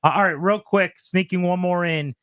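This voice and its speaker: Male radio host, slightly high voice, dry studio mic. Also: fairly even intonation, a bit bright, dry recording. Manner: brisk, conversational questions. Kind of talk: sports radio talk.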